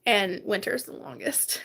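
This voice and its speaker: A woman with a somewhat high voice talks casually on a live stream from her bedroom. She is tired and a little hoarse from a cough, but stays friendly and laughs easily as she greets viewers one by one. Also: measured pace, fairly bright tone, in a whisper. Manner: chatty, greets viewers by name, laughs often. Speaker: livestream host.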